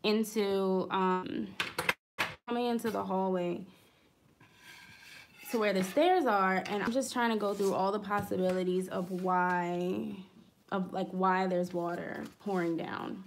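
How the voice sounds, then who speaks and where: A woman's voice: mid-range voice, fairly even intonation, unhurried, slight background noise. A woman vlogger chatting casually as she decorates a planner, rambling through a story with fillers and small asides. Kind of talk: casual storytelling while crafting.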